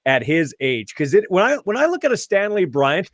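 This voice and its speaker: High-voiced male sports talk host. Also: very animated, fairly bright tone, dry recording, clean studio sound. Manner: eager, quick questioning, stumbling restarts.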